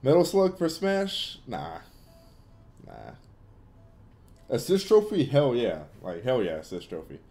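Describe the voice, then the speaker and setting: A man's voice: medium pitch, wildly swooping pitch, takes it slowly, pauses often, a little mellow, soft background music. A young man hosting a casual gaming Q&A livestream, giving blunt opinions in loose, filler-heavy talk. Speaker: livestream host answering chat.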